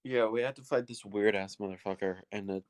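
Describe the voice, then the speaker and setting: A man's voice: on the low side, fairly even intonation, fairly quick, background noise. A man talking casually and eagerly as a player in a tabletop game session, swearing now and then.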